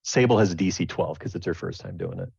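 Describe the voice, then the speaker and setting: A man's voice: low voice, huge pitch swings, quick pace, creaky, a little mellow, slightly rough, dry recording. A man narrating a tabletop game as game master, rambling with many restarts. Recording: dull lo-fi dry recording.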